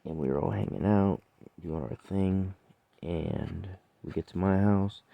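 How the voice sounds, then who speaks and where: A man's voice: deep voice, a little slow, creaky, dry recording, dull audio. A man who works as a chef, telling a personal story in a blunt, profane, rambling way, with laughs.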